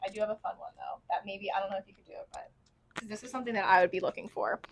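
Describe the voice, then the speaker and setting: A woman's voice: mid-range voice, fairly even intonation, very fast, a little hiss or hum. A young woman co-hosting a podcast, chatting casually with enthusiasm and frequent "like" fillers. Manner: enthusiastic, laughs often, many "like" fillers. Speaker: podcast co-host.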